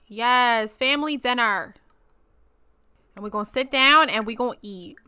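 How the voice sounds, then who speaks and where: A woman's voice: fairly high pitch, moderate pace, clean tone, dry recording. A young woman giving chatty, playful let's-play commentary as she plays a life-sim game. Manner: chatty, animated, playful slang, frequent laughs. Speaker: gaming channel host.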